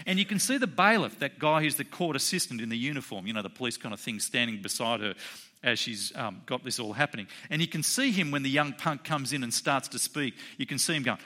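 A male pastor gives a lively sermon in a bright, forceful voice at a middling pitch. He talks casually with fillers and jumps up high when acting out quoted voices. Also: quick pace. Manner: animated, acts out quoted voices with rising pitch; conversational, with fillers.

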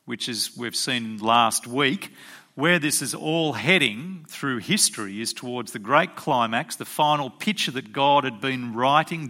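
A man's voice: mid-range voice, sharp tone. A man preaching a sermon as pastor, emphatic and full of rhetorical questions to his congregation.

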